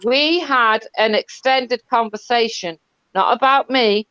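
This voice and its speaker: A woman's voice: a little high, takes it slowly, fairly bright tone, clear, resonant tone, no room sound. Defensive woman on a muffled line. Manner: defensive and dismissive, talks over the host. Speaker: panel guest. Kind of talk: heated live panel debate.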